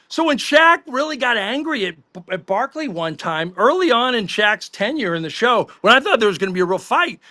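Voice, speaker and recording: A middle-aged man with a high, bright voice spins animated anecdotes on a sports talk podcast. His delivery is close and dry, with no room sound. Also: brisk, hardly any pauses, no room sound. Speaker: panelist, sports writer. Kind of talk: casual podcast chat.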